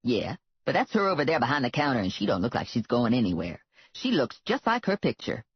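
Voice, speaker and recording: The narrator voicing a loud, sassy woman sidekick who talks in a brassy, bossy, slangy way. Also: medium pitch, sing-song, brisk, slightly rough, no room sound. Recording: dull lo-fi, dry.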